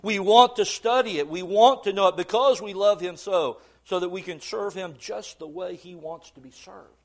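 A man preaching a sermon, reading scripture in old-fashioned wording and swinging from emphatic swells to low, slow passages.

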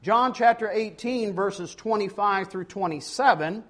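A man's voice: high voice, measured pace, fairly bright tone. A man preaching a sermon, acting out the quoted dialogue dramatically. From not from Ohio; lives in Ohio.

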